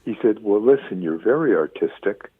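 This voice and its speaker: A man in his seventies, a radio interview guest, telling stories with lively acted-out quotes. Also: lowish voice, normal speed, breathy edge, no room sound. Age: 70s. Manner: lively storyteller acting out quoted voices. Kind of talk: phone-in radio interview storytelling. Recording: tinny dry phone line.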